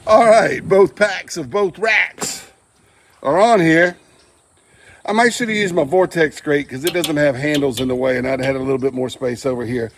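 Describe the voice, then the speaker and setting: A man's voice: mid-range voice, vocal fry. A man demonstrating barbecue at an outdoor grill, with folksy joking asides. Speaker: barbecue channel host. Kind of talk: casual cooking demonstration.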